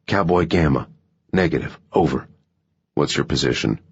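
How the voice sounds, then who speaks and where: A man's voice: very deep voice, animated, moderate pace, breathy edge, no room sound, dull audio, heavily acted. A man voicing a male Southern American gunman with a strong accent, giving clipped radio reports in an audiobook thriller. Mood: alert.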